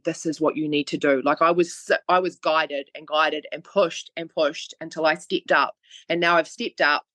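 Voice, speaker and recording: A woman's voice: low-pitched, fairly bright tone, no echo. A woman with a New Zealand accent, a fitness coach talking earnestly in a casual podcast conversation. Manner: chatty and earnest, talks fast in bursts. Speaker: guest, online fitness coach.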